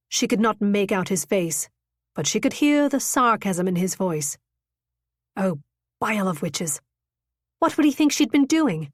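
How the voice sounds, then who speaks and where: Woman, audiobook narrator, expressive, dramatic reading, mid-pitched, dry close sound. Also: a little slow, pauses often, no room sound. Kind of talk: scripted narration.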